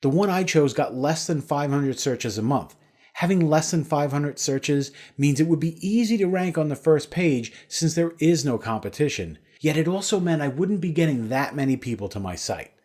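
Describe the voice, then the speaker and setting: Lively-pitched man reading a sales pitch. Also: moderate pace. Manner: upbeat promotional delivery. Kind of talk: scripted sales webinar voice-over.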